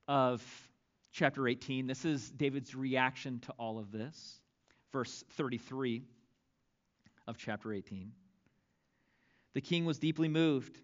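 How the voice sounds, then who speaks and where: A male pastor preaching a sermon, reading scripture aloud with dramatic, expressive delivery. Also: mid-range voice, dull audio.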